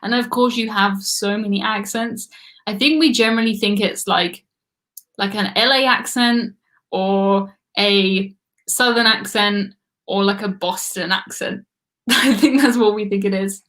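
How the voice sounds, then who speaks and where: A woman's voice: medium pitch, fairly even intonation, measured pace, fairly bright tone. An English woman hosting a live trivia stream, chatting casually and laughing often as she reads viewer comments.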